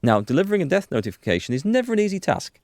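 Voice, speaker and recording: A man voicing a calm, methodical police lieutenant giving a measured briefing. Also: a little high, no echo, studio quality, voice pushed up. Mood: serious.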